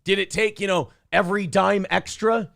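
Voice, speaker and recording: A man co-hosting a podcast, telling stories in a sarcastic, animated way and putting on mocking voices for the people he quotes. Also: high voice, moderate pace, creaky, no echo, clean studio sound. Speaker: podcast co-host. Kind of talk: casual chat.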